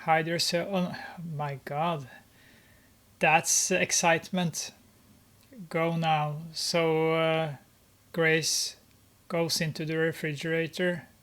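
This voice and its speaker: A gamer narrates gameplay slowly, with many hesitations and amused exclamations. The pitch stays flat and level. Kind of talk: gameplay commentary.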